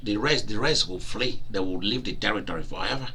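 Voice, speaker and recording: Bright-sounding guy preaching, acts out the voices, laughs a lot. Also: fairly low pitch, fairly quick, a little hiss or hum. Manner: animated, laughing, acts out cries and dialogue. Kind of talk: sermon.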